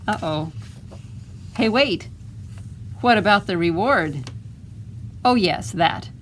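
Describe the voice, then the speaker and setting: A woman librarian reading a picture book aloud to children, gently stopping to ask them questions. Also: medium pitch, animated, takes it slowly, slight background noise, low-quality recording.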